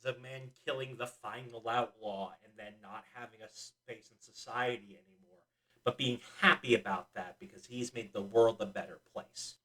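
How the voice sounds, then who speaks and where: A man's voice: lowish voice, fairly even intonation, normal speed, sharp tone. A young man co-hosting a casual podcast chat, asking pointed questions and making arguments. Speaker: podcast co-host. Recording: voice a bit far from the mic.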